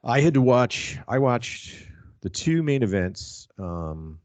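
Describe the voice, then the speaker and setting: A man's voice: mid-range voice, big pitch swings, slow pace, darkish tone, no room sound. A man hosting a casual wrestling podcast, telling stories with a lot of swearing and laughter. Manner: profane, laughing, storytelling. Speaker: podcast host.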